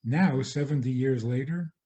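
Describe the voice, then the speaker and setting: Slow, measured rabbi giving a lecture. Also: male voice, medium pitch, warm tone. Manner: measured, restarts and repeats phrases. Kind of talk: spoken lecture.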